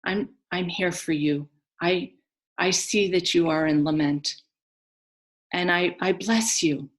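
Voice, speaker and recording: A woman voicing a hesitant goddess queen of heaven in a spoken story, stammering and halting. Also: lowish voice.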